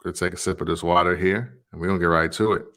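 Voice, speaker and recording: A man's voice: low-pitched, fairly even intonation, very fast, fairly bright tone. A man in his thirties hosting a casual vlog, talking in a laid-back, rambling way with lots of fillers. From Tennessee, USA. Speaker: vlog host.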